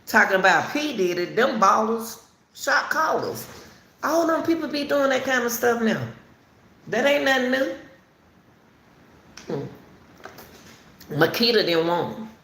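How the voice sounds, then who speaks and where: A woman hosts a commentary channel, talking casually about a case and speaking straight to her viewers with repetitive emphasis. Her voice is a little high and a bit bright, with lively intonation, a measured pace, and long pauses. The recording has a roomy echo and faint background noise.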